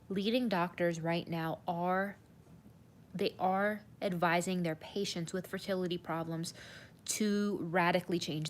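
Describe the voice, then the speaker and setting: Earnest woman nutrition coach, lowish voice. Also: a little hiss or hum. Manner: earnest, animated, says "you guys" often. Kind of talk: live stream talk to viewers.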